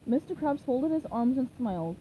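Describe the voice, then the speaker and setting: Woman reading aloud, slow and measured, high lively voice, mellow tone, faint background noise. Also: poor audio. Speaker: reader. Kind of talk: reading a children's novelization aloud.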